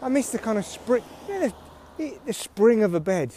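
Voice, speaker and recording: A man's voice: high voice, sing-song, brisk, warm tone, slight background noise. A man hosting a solo podcast, rambling through a dry, self-mocking comic monologue. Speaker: podcast host.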